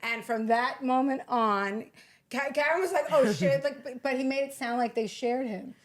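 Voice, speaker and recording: A woman in casual chat, telling a story briskly, quoting what others said and swearing casually. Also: high voice. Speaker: podcast guest.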